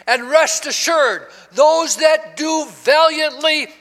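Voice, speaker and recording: Pastor in his 60s, high bright tenor, slow deliberate preaching, long church reverb. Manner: preaching, swelling to shouts with call and response. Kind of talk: sermon. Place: church sanctuary.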